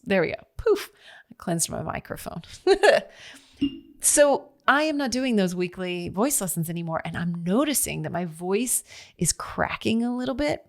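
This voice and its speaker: A middle-aged woman hosting her own podcast, talking in a chatty, expressive way and laughing at herself as she goes. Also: fairly low pitch. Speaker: podcast host. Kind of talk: casual solo monologue. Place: seated at home recording.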